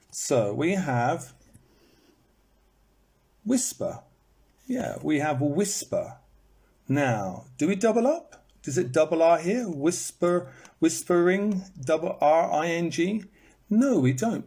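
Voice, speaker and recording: A man's voice: a little high, a little mellow, breathy edge. A man teaching in a live online lesson, repeating words to show their stress and breaking into bits of song, recorded on a phone. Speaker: English teacher.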